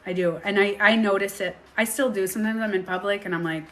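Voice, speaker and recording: A woman speaking as a healing coach in a casual coaching talk to viewers, animated and acting out inner voices, reading and answering viewer questions. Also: medium pitch, fast, a little hiss or hum.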